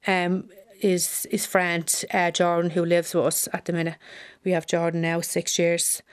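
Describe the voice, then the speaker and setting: Low, smooth-voiced Irish woman recalling. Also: completely flat delivery. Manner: halting, repeats phrases, retells dialogue. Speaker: bereaved mother interviewee. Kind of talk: emotional personal testimony.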